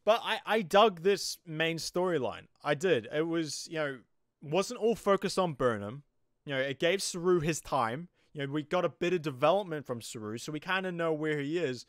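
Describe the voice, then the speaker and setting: Young kiwi guy rambling about an episode, lots of you know, smooth voice, dry close sound. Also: on the high side, lively intonation, normal speed, dry recording. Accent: New Zealand. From New Zealand. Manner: rambling, many fillers. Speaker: show reviewer. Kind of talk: casual review monologue.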